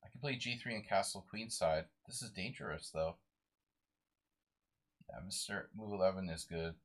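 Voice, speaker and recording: A man's voice: low voice, normal speed, fairly bright tone. A sleep-deprived man streaming a live chess game, muttering moves to himself and chatting with viewers.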